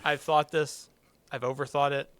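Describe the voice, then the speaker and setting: A man's voice: fairly high pitch, flat delivery, moderate pace, a bit bright, smooth, dry recording. A man co-hosting a casual sports podcast, laid-back and chuckling as he gives his takes. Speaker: podcast co-host.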